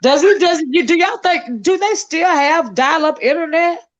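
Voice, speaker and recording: Woman on a dull lo-fi call line. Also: very high voice. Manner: quick reactions and laughter. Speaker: panelist. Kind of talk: casual panel chat.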